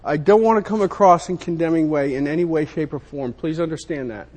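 Speaking briskly in a slightly high, slightly mellow voice, a man delivers a sermon. He is emphatic and repetitive, including himself in his words as much as his audience.

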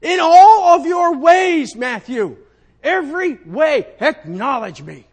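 Man putting on God's voice, stern fatherly deity, high booming commands, sermon. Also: very animated, slow, full character voice. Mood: commanding. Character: God, male, loving but stern father.

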